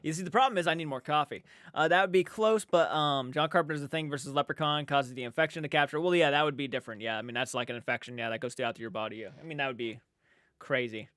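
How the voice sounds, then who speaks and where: A young man hosts a late-night livestream, answering chat in a sleepy, rambling way, stopping and restarting his sentences. His voice sits a little high and sounds smooth and clean. The desk mic is close and dry, with no room sound. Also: quick pace, a bit bright, no room sound. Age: young adult. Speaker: livestream host reading chat.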